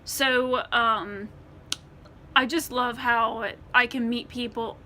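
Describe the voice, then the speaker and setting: Bright-voiced American woman vlogging. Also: fairly high pitch, steady tone, slow pace, a little hiss or hum. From United States. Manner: rambling, many ums and restarts. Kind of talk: casual Q&A to camera.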